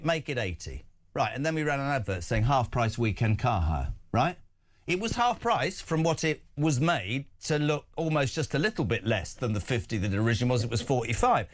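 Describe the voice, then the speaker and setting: A man's voice: medium pitch, fairly quick. A man hosting a breakfast talk radio show, talking in an indignant, mocking way. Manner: indignant, animated, mocking impressions. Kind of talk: opinionated talk radio chat.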